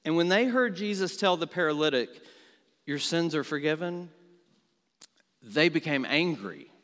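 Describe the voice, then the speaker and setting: A male pastor delivering an earnest sermon, his fairly high voice swinging widely in pitch. He speaks slowly and deliberately, pressing each point and posing questions to the congregation. A long reverb hangs on every word, as in a large church. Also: animated, a bit bright. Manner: earnest, rising emphasis, rhetorical questions.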